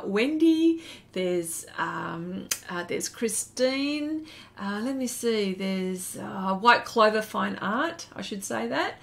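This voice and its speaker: A woman's voice: medium pitch, creaky, fairly bright tone. A middle-aged Australian woman chatting casually while drawing on a live stream, laughing often and reading chat messages aloud. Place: home studio shed.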